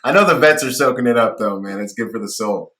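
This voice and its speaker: Man, podcast guest, bright forceful voice, slangy, animated storytelling. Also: medium pitch, fast. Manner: animated, slangy, laughs while telling stories. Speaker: podcast guest, security professional. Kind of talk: casual storytelling.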